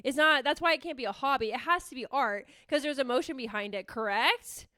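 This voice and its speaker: A woman's voice: high-pitched, brisk, sharp tone, dry recording. A young woman hosting her own podcast, chatting casually and bubbly, swearing freely and rambling through restarts on a close microphone. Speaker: podcast host. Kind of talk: casual solo podcast chat. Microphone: close podcast mic.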